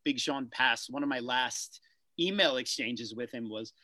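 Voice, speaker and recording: A man's voice: medium pitch, a little slow, sharp tone, no room sound. A man hosting a podcast, chatting casually with many fillers and loose asides. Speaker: podcast host.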